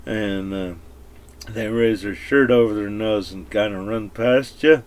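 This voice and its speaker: A man's voice: fairly low pitch, measured pace. A man ranting casually and crudely to the camera, swearing constantly and rambling from one point to the next. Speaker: vlogger. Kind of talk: casual rant.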